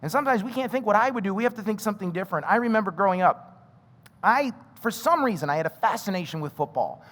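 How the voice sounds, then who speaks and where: A man preaches with a fairly high voice, shifting into animated storytelling and quick acted-out lines. His sermon rings with the long reverb of a large hall. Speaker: pastor.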